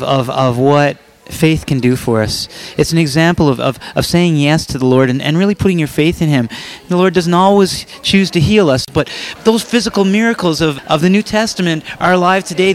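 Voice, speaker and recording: A man's voice: high voice, fairly bright tone. A man hosting a Christian program, reflecting on faith in a preacher-like manner and thanking his guest. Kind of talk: broadcast interview.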